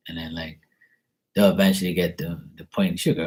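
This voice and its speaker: A man's voice: sits low, fairly even intonation, normal speed, a bit bright, husky. A man, a tarot reader, chatting casually and candidly with his live-stream viewers in a rambling, laid-back way.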